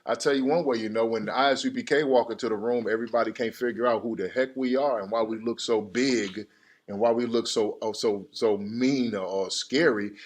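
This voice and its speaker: A man teaching a scripture class in a lively preaching style. He breaks into the story and plays out what the characters say. His voice sits at an ordinary pitch, and he keeps steering a reader through the passage. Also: brisk. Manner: animated, acts out scripture characters; directs the reader with "keep going".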